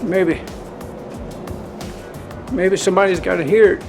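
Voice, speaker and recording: A man's voice: high-pitched, steady tone, unhurried, gravelly. A man with a Southern US accent tells a personal story and shares his spiritual views in an earnest, folksy, rambling way, filming himself outdoors on a handheld camera. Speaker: vlogger. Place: outdoors in cold wind. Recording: background music under the voice.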